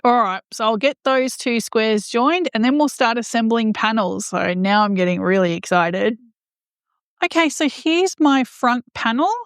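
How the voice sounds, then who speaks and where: A woman's voice: on the high side, expressive, measured pace, smooth, no room sound, clean studio sound. A woman crochet vlogger chatting casually as she explains each step of her project. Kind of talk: casual how-to narration.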